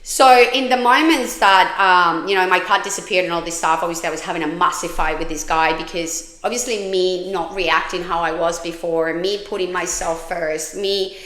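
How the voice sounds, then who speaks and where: A woman's voice: on the low side, normal speed, few pauses, pushed and bright, echoey room. Frank, swearing woman telling her story. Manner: frank, swears freely, restarts sentences. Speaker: podcast host. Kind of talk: candid personal storytelling.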